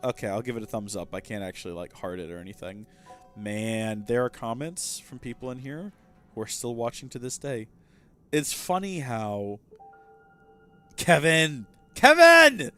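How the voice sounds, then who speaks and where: A man's voice: fairly low pitch, normal speed, faint music behind. A man hosting a casual gameplay livestream, rambling and self-deprecating as he chats with viewers. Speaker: livestream host.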